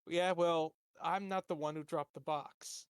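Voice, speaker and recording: A man's voice: on the high side, fairly even intonation, a little slow, clear, resonant tone, dry recording, clean studio sound, natural voice. Man doing a whiny, defensive thug. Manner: defensive, complaining. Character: whiny male thug, defensive and excuse-making.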